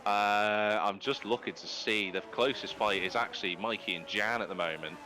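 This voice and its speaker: A man giving live commentary on an online racing league, his voice rising high and animated as he calls out finishing positions. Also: moderate pace, over music. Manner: excitable, jumps high when calling positions. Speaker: race commentator. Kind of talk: live esports race commentary.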